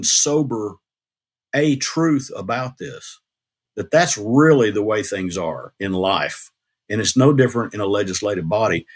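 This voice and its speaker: A man's voice: mid-range voice, breathy edge. An older man speaking as an interview guest, telling stories in an earnest, plain-spoken way with restarts. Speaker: guest, former state legislator. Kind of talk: casual interview talk.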